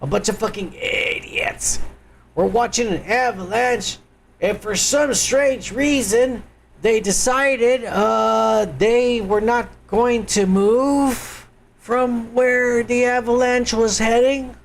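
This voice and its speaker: A man's voice: very high-pitched, fairly even intonation, slow, vocal fry, slight background noise. A man hosting a livestream, reacting to clips in crude, mocking, profane commentary aimed straight at his viewers. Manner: crude, loud, mocking, addresses viewers directly. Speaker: livestream host.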